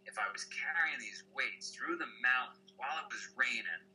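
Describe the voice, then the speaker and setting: A man's voice: medium pitch, animated, normal speed, pushed and bright, soft background music, low-quality recording. A man speaking as a podcast guest, telling stories with energy and asking rhetorical questions. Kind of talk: casual chat.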